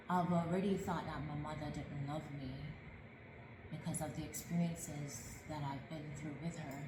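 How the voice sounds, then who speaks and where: A woman's voice: low voice, reverberant, big-room sound, noisy background. A woman earnestly recounting her own life story, reflective and emotional. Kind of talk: personal life story narration.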